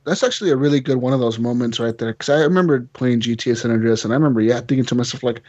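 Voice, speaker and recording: A man hosting a casual gaming podcast, loose and profane. He laughs between lines and tells game stories with animated energy. The recording is a little dull and lo-fi. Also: mid-range voice, very fast, hardly any pauses. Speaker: podcast host. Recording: slightly dull lo-fi audio.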